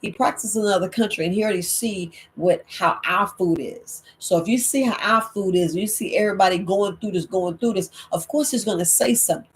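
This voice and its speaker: Woman herbalist host, emphatic and preachy, hammers points home, mid pitch. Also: a little fast, few pauses. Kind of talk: late-night Q&A livestream talk.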